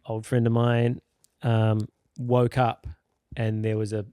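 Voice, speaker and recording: A man's voice: mid-range voice, slow pace, clear, resonant tone, no echo. A man telling stories casually on a podcast, acting out quotes and laughing often. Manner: animated, acts out quotes in a raised voice, laughs often. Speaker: podcast guest or host. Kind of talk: casual storytelling.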